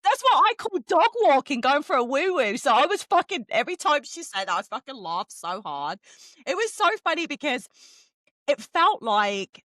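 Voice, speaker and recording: Animated, sweary woman chatting. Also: high voice, moderate pace, dry recording, clean studio sound. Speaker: podcast co-host. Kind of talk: casual book chat.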